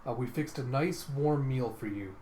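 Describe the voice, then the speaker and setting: A man voicing a scheming male host with smooth, falsely courteous manners. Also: mid-range voice, normal speed, dark tone, lightly acted. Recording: roomy room with faint noise.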